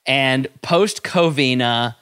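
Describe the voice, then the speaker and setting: A man's voice: mid-range voice, takes it slowly, a bit bright, clear, resonant tone. A man co-hosting a podcast, chatting in a playful, gossipy way. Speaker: podcast co-host. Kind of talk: casual chat.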